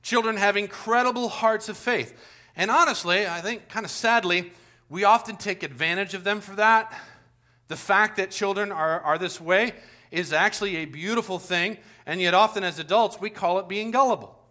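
A man in his forties preaching a casual, story-driven sermon as pastor, acting out the voices in his anecdotes with big swings in pitch. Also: moderate pace, sharp tone. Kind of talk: conversational sermon.

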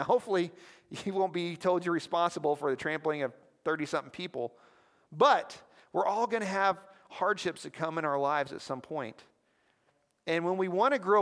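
A man preaching a sermon as pastor, lively and conversational, often prompting the listeners with questions. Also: sits high. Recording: long hall reverb.

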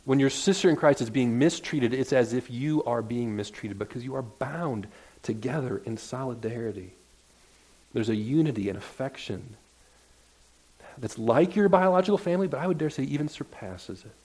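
Speaking at a normal pace with a medium-pitched, expressive, mellow, husky voice, a pastor delivers a sermon in his church sanctuary. He's earnest and conversational, often starting his sentences over as he works his way toward a point.

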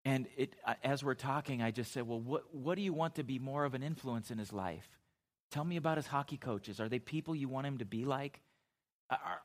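Delivering a sermon, this middle-aged man speaks at a medium pitch. As pastor, he tells stories easily and conversationally, often starting over and wandering into side remarks.

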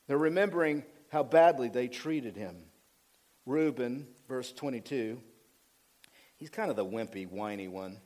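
A male pastor giving an animated, conversational sermon, swinging between loud emphasis and quiet asides. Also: medium pitch, measured pace.

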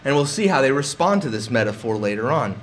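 A man's voice: medium pitch, very animated, fast, slight background noise. A man preaching a conversational sermon in a church, restarting phrases and acting out quotes with animation. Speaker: pastor.

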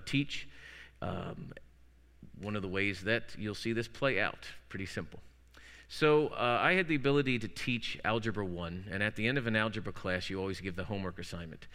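A male pastor preaches in a bright, crisp voice, and his words carry a long reverb from the church sanctuary around him. He leans on story-driven delivery and spins little jokes out of twisted sayings. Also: on the low side, fairly quick. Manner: anecdotal storytelling with playful wordplay. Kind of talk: sermon.

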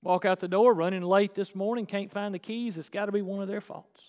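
A male pastor preaching a sermon, swinging between hushed and shouted passages. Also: sits high, steady tone, brisk. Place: church sanctuary. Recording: echoey church hall.

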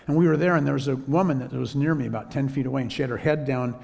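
A man preaching a sermon as a story, in a relaxed conversational way. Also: mid-range voice, very fast, creaky, in a large hall. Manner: conversational, drops to a whisper when quoting himself.

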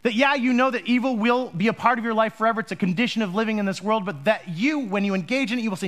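A male pastor with a fairly high voice preaching in a casual, joking way. He jokes with the congregation and then turns earnest as he moves into prayer. His tone stays loose and animated throughout. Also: fast, hardly any pauses. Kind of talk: sermon. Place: church.

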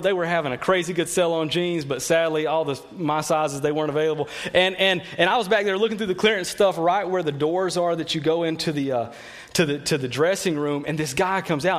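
A man preaching a sermon, telling personal stories in a conversational way and often repeating words. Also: on the high side.

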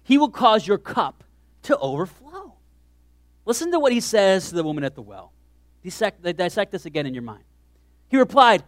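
A man preaching a sermon as pastor, animated, swinging from hushed asides to shouted lines. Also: very high voice, normal speed, no room sound, clean studio sound.

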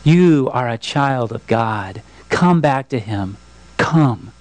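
A man's voice: mid-range voice, animated, takes it slowly, no room sound, poor audio. A male pastor preaching a sermon, earnest and pleading, with repeated appeals.

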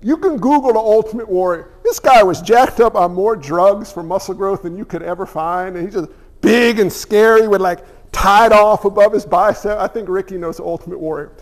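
High-voiced animated male preacher. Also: moderate pace, big-room sound. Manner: animated, acts out little voices. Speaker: pastor. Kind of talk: sermon.

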